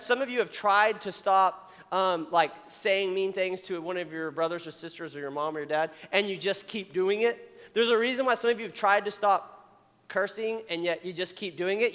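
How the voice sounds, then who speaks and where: Man, youth pastor, high voice, casual sermon, lively, long church reverb. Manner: animated, chatty, playfully acts out complainers. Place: church auditorium.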